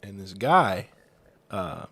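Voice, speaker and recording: A man co-hosting a casual podcast, telling a story in a relaxed, halting way. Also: low-pitched, husky. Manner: telling a story with fillers and restarts. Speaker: podcast co-host.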